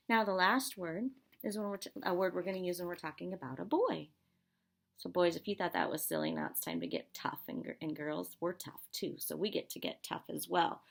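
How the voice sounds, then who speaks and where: A woman teaching kindergarten sight words, slow, patient and encouraging, drawing out spelled letters in a sing-song way. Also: fairly low pitch, vocal fry, breathy edge.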